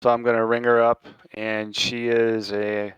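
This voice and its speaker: Casting: man player, smooth resonant voice, dry close sound, casual biker swagger. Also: mid-range voice, level tone, a little slow, fairly bright tone, no room sound, muffled recording. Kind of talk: in-character tabletop play.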